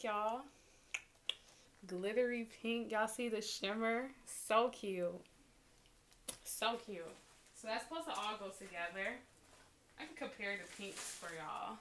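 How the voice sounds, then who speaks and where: Woman vlogger, bright lively tone, casual chatty haul delivery, talks right to camera, easily excited. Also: medium pitch, slight background noise. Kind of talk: casual unboxing haul vlog.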